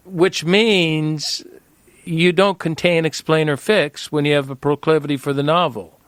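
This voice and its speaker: Affirming male host with a slightly high voice. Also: steady tone, unhurried, fairly bright tone, clean tone, no echo. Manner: affirming, thoughtful. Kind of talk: reflective conversation.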